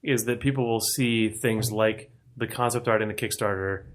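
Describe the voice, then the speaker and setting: A man co-hosting a casual podcast chat, thinking out loud in long, winding sentences. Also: on the low side, steady tone, normal speed, a little hiss or hum. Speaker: podcast co-host.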